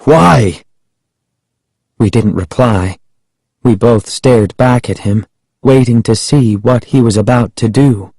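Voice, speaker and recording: A man narrating a storybook in a measured first-person telling. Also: medium pitch, warm tone, no echo, rough recording. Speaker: audiobook narrator.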